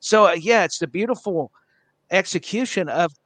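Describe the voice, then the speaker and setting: A man's voice: high voice, normal speed, fairly bright tone, no room sound. Rambling, enthusiastic man co-hosting. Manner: rambling, enthusiastic, many fillers and repeats. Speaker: podcast co-host. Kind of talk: casual wrestling chat.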